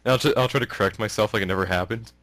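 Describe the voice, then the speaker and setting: A man's voice: fairly low pitch, rapid-fire, a bit bright, slight background noise. A man from Canada hosting a casual podcast, rambling with many fillers and frequent laughs. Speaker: podcast host.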